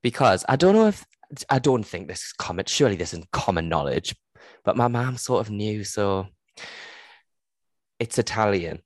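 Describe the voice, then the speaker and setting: A woman's voice: a bass voice, big pitch swings, normal speed, long pauses, no echo. A young woman with a Geordie accent, co-hosting a casual book chat, laughing often and swearing freely. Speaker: podcast co-host.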